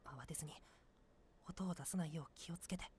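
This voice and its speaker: Woman doing a whispery rookie detective, low-ish and super fast. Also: darkish tone, breathy edge. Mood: hushed. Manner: whispered, urgent. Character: hushed novice detective leading the group.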